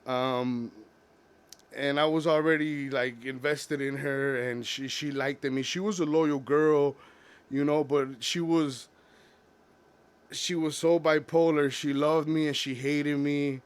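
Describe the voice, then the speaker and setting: Halting young man opening up. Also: on the high side, fairly even intonation, smooth. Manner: halting, many restarts and fillers. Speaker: vlogger. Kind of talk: personal confessional monologue.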